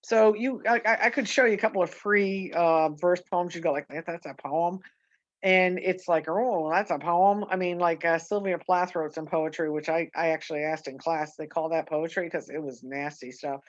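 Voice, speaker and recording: A woman teaches a poetry lesson over a video call, wandering through her points and correcting herself as she goes. Her voice sits a little low. The call audio is dull and dry, with no room sound. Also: fairly even intonation, normal speed, few pauses, dry recording. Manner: rambling, self-correcting, many ums.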